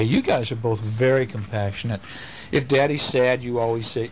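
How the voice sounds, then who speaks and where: Gentle father reading a bedtime story. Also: medium pitch, moderate pace, creaky, slight background noise, poor audio. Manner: gentle and playful, with lively sing-song emphasis. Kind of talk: reading a picture book aloud to his children. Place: home.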